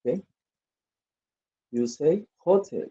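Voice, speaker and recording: A man's voice: on the high side, lively intonation, slow pace, warm tone. A male English teacher, reading exercises aloud and drilling word stress in an online lesson. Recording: dull lo-fi audio.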